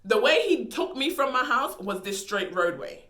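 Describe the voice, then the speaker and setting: A woman's voice: a little high, big pitch swings, moderate pace, fairly bright tone. A young woman vlogger telling a story in a casual, dramatic, slangy way. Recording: echoey room.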